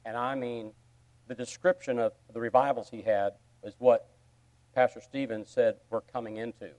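A man preaching a sermon, telling a story with sudden swings from quiet asides to loud, excited bursts. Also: mid-range voice, normal speed. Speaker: pastor.

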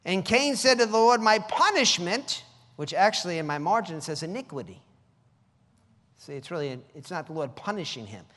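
A man preaching a sermon, reading scripture slowly and mimicking people in high voices. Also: bright, forceful tone, in a large hall.

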